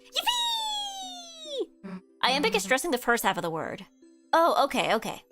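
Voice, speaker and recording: A woman's voice: a little high, big pitch swings, fairly quick, a bit bright. A woman streamer chatting playfully and self-mockingly while playing a video game. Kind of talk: let's-play commentary. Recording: faint game music behind.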